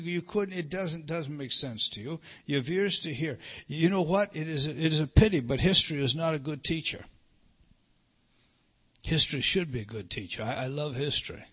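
A middle-aged man preaching a sermon, emphatic, rising to loud stresses and dropping to hushed lines. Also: on the high side, breathy edge. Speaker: pastor.

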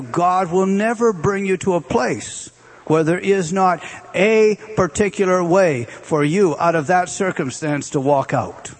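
Husky-voiced man preaching a sermon. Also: high voice. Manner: swings between emphatic raised passages and hushed, drawn-out repetitions; explains word meanings.

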